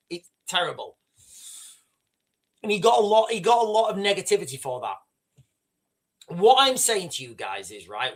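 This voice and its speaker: A middle-aged man hosting a livestream, ranting casually with lots of swearing and rambling asides. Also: high voice. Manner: profane, rambling, animated storytelling. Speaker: livestream host.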